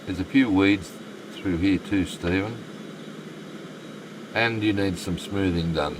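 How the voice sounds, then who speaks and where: Brief: Australian male streamer, deep and slow, casual chatty asides, air conditioning hum behind. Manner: chatty, muttering asides to the game. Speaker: game streamer. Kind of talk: live stream commentary, reading chat.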